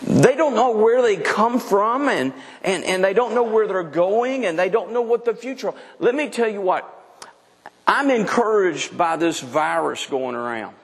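A man's voice: high voice, animated, a little slow, long reverb tail. A middle-aged man preaching a sermon in a frank, emphatic way, often restarting his sentences. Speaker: pastor.

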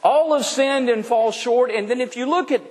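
A man's voice: extremely high pitch, moderate pace, darkish tone. A man preaching a sermon, emphatic and repetitive, asking the congregation rhetorical questions. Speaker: pastor. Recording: long hall reverb.

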